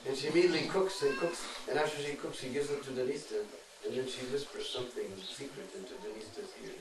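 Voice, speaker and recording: A man telling a devotional story dramatically, hushing and swelling, heard in an echoey, distant recording. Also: mid-range voice, fast, crowd noise. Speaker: storyteller preacher.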